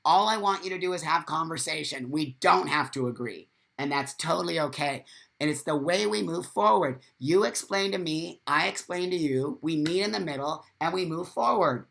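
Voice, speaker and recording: A man's voice: a little high, normal speed, gravelly, fairly bright tone. A man hosting a casual live stream, talking bluntly and swearing freely, and reading out viewer comments as he goes. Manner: reads viewer comments aloud.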